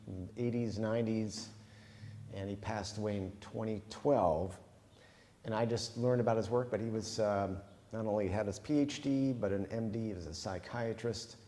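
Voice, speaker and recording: A male pastor giving a relaxed, conversational sermon, thinking aloud with fillers. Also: fairly low pitch, moderate pace, long reverb tail. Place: chapel.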